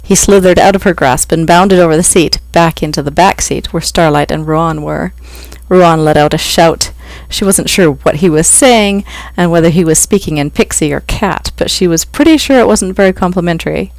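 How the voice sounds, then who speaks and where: An author reading a novel aloud, with steady, even narration. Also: mid-range voice, moderate pace, vocal fry, no echo. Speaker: author reading own book. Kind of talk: audiobook reading.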